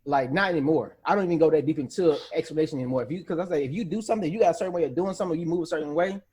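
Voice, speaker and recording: A high-voiced man talks quickly on a podcast, his tone slightly husky. He tells stories in a lively way, acting out the lines of the people in them. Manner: animated, quick storytelling with acted-out quotes. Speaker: podcast co-host. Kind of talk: casual chat.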